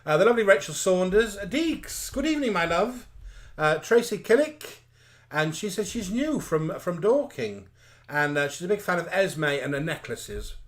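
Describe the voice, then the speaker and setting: A man co-hosting a live chat show, greeting viewers by name, calling each one lovely and trailing off softly. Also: high-pitched, very animated, moderate pace.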